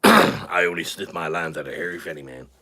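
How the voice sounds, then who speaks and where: A man's voice: deep voice, sing-song, fairly quick, vocal fry, bright, forceful tone, husky, heavily acted. A British man putting on a crude, cocky American character with a put-on American accent, swaggering and vulgar on a live stream. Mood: boastful.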